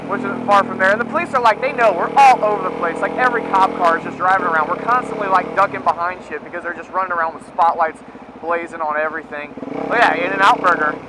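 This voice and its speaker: High-voiced man rambling over traffic noise. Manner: rambling, profane, animated retelling. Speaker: moto vlogger. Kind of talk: casual storytelling. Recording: loud traffic and engine noise.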